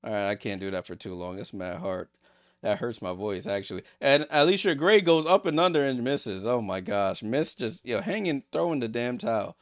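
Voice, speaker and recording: A chatty man calling a basketball game live for his viewers, excitable and joking as the plays unfold. His voice sits at a middle pitch. The sound is dry and close. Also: moderate pace, no echo. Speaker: streamer hosting a game watchalong. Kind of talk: casual live play-by-play commentary.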